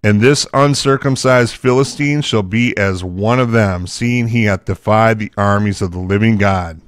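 A man's voice: lowish voice, normal speed, no room sound, clean studio sound. A man teaching from the Bible, reading scripture aloud and breaking into casual, chatty asides.

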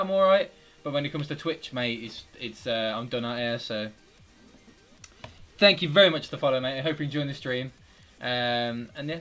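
A man in his twenties with a British accent, commenting live on his own football video game, swearing a lot and swinging from mutters to yells. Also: mid-range voice. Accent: British English. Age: 20s. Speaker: gaming streamer.

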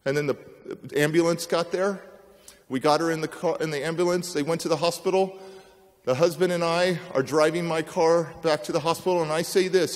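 In a hall with long reverb, a man delivers a motivational speech, telling a personal story dramatically and voicing its characters. He speaks at a moderate pace in a fairly high-pitched voice.

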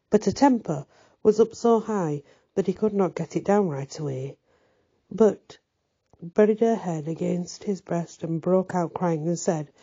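Husky-voiced woman reading a story. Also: on the low side, mellow. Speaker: narrator reading a novel aloud. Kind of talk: storybook narration. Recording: dull lo-fi recording.

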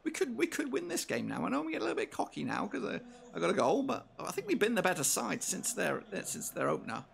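A man with a very gravelly, creaky voice that leaps all over the place, commentating his football game as he plays. He drops to low mutters, then bursts into loud, sweary shouts. There is a faint hiss behind him. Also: huge pitch swings, quick pace. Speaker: gaming channel host. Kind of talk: live gameplay commentary.

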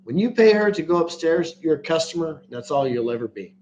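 A man's voice: fairly high pitch, animated, brisk, a little mellow, dull audio, slight background noise. Crude, blunt livestreaming man. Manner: crude, blunt, laughs often. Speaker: livestream host. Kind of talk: casual livestream chat.

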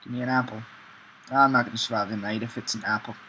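Male let's-player, bright forceful voice, rambling self-talk commentary, chanty word repeats. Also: medium pitch, steady tone, fast, a little hiss or hum, poor audio. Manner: rambling, chants words over and over while playing; talks to himself, frequent ums. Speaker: gameplay video maker. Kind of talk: gameplay commentary.

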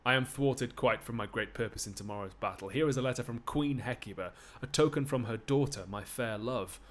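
A man's voice: mid-range voice, fairly quick, close to an everyday voice. A man reading Achilles, a proud Greek warrior who speaks in grave, declaiming vows, in a live-streamed Shakespeare reading. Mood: grave, resolute.

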